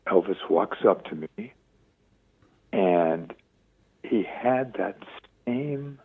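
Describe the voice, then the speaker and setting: A man in his seventies, a radio interview guest, telling stories with lively acted-out quotes. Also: low-pitched, very slow, husky. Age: 70s. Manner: lively storyteller acting out quoted voices. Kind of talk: phone-in radio interview storytelling. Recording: tinny dry phone line.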